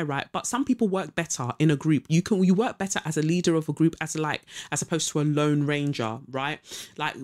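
A young adult podcast host who chats casually, reads news items aloud and gives sarcastic, opinionated takes full of fillers. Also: mid-range voice.

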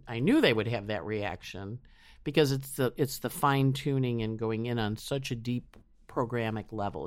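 A woman's voice: a bass voice, no echo. A woman astrologer chatting in an interview, rambling with many restarts. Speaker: astrologer guest. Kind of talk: casual interview chat.

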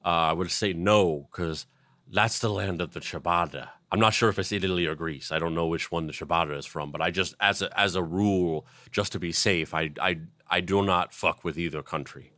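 A man hosting a history podcast, narrating events and slipping into deadpan absurd jokes. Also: deep voice, brisk, hardly any pauses, dry recording.

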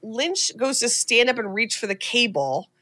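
A young woman hosting a podcast, recapping a movie in a casual, animated way with swearing and laughter. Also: fairly high pitch, normal speed, no echo. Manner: animated, swears and laughs while retelling scenes. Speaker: podcast host.

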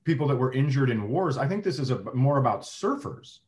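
Male podcast co-host, wry banter, mid-pitched everyday voice. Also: animated, fairly quick, darkish tone. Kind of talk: casual chat.

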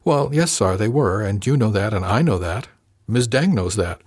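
A man voicing a smug, playful young female crew member in an audiobook, lifting his voice higher for her teasing lines. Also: lively intonation, moderate pace, a little mellow, breathy edge, no echo, clean studio sound.

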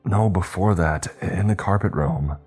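A man's voice: deep voice, a little slow, darkish tone, husky, soft background music, pitched above the performer's own voice. A man doing a nervous, pleading young man. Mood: anxious. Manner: panting, nervous.

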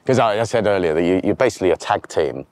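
Man, very low voice, reflective, halting, candid interview guest. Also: animated, a little mellow. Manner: reflective, halting, with frequent restarts. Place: outdoors by a river.

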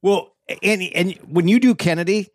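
A man's voice: sits high, normal speed, no echo, studio quality. A man who is a comedian, co-hosting a podcast in casual chat, rambling and repeating his words.

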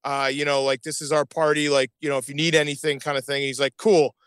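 Male podcast guest, slightly high pitch, eager and emphatic, repeats himself, dry close mic. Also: flat delivery, fast, fairly bright tone, clean tone, dry recording. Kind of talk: casual chat.

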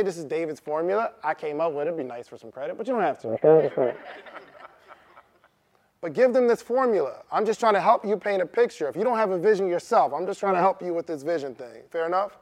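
A man giving a motivational talk to a live audience, asking them questions and repeating his key points. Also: high-pitched. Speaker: motivational speaker. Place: room with an audience.

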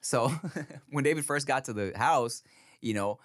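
A man in his thirties, a podcast co-host, telling animated stories about his toddler in casual chat. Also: a little slow, no room sound, studio quality. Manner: animated storyteller, acts out his toddler in a high voice.

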